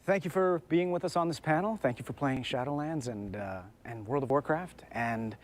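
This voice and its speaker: A man speaking as a panel guest, soft, calm and sincere. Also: on the high side, normal speed, slight background noise.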